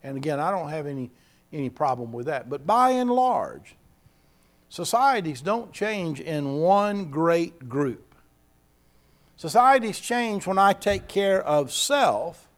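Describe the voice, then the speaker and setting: A man preaching a sermon, earnest and repeating key phrases for emphasis. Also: sits high.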